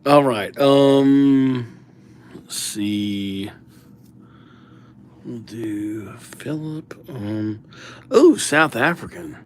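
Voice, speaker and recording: A man hosting a live stream, chatting casually and reading viewers' names aloud, his voice drifting from the mic as he writes. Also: mid-range voice. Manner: slow, mumbled, drifting in and out of the mic while writing; easygoing, jokey, reads viewer names aloud. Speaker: livestream calligraphy host.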